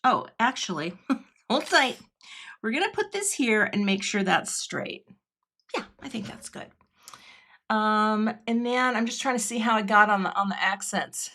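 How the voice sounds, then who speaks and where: Her voice is on the high side, expressive and a little slow, with a bright, forceful tone. She's a middle-aged craft product designer from Washington State running a card-making livestream, talking with viewers and laughing frequently as she crafts.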